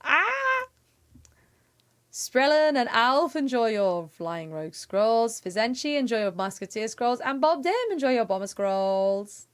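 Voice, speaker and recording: A woman's voice: a little high, expressive, moderate pace, hardly any pauses, smooth. A young woman chatting casually with her viewers while she plays a game, giggling and humming little sound effects. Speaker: game streamer. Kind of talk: casual live-stream chat.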